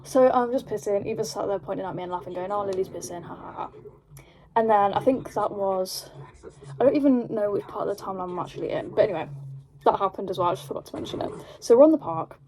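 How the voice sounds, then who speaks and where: A young woman with an English accent telling a rambling, animated story at home while doing her makeup, full of "like". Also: medium pitch, fast talker, poor audio. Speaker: vlogger. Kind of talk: casual storytime chat.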